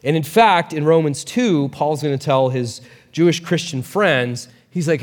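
A man preaching a sermon as a pastor, talking in a casual, animated way with quick asides. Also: a little high, in a large hall.

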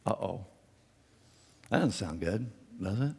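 A male pastor preaching a sermon, animated and acting out the quotes with a raised voice. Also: moderate pace, breathy edge. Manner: animated, acts out quotes with raised pitch and volume. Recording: long reverb in a large hall.

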